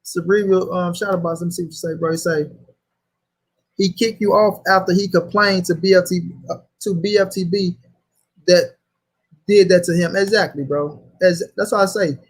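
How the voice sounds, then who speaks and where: A man's voice: high-pitched, fairly even intonation, normal speed, slightly rough. A man hosting a casual livestream, reading chat aloud and arguing in a heated, profane way. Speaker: host.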